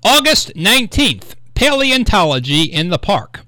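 A man's voice: high voice, sing-song, unhurried, sharp tone, no room sound. A man hosting a local radio show, talking in a chatty, rambling way. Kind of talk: casual radio talk show monologue. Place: small radio studio. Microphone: studio microphone.

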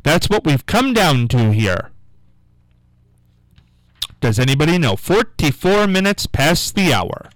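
A man hosting a call-in radio quiz show, coaxing callers with repeated questions and reading out the phone number slowly. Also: a little high, sing-song, a bit bright, no echo, low-quality recording. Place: radio studio.

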